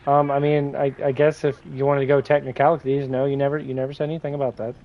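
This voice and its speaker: A man's voice: mid-range voice, level tone, quick pace, muffled recording. A man chatting casually to his live audience while playing, rambling and joking between moments of gameplay. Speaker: gaming livestreamer.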